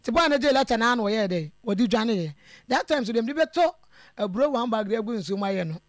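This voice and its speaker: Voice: medium pitch, animated, dry recording, studio quality. Hesitant Ghanaian caller. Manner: hesitant, halting, trails off. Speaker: caller telling a family dispute.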